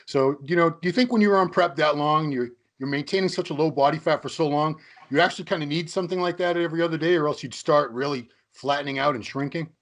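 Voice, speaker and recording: A man's voice: fairly high pitch, quick pace, a bit bright. A man hosting an interview, chatty and joking, asking long rambling questions. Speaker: interview host. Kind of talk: casual interview chat.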